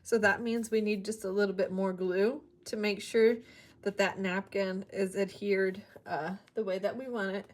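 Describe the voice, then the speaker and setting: A woman's voice: medium pitch, fairly even intonation, moderate pace, a little hiss or hum. A woman hosting a casual craft tutorial, chatting and explaining each step as she works. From Northeast Ohio. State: emotional, voice dropping low. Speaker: crafting channel host.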